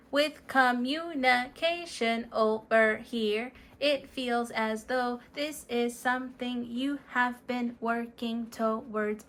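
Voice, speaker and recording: A woman voicing an earnest, polite robot puppet who reads tarot messages in a measured way, sprinkled with beeping noises. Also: fairly high pitch, fairly bright tone, pitched above the performer's own voice. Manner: slow, measured delivery broken up by "beep boop" noises.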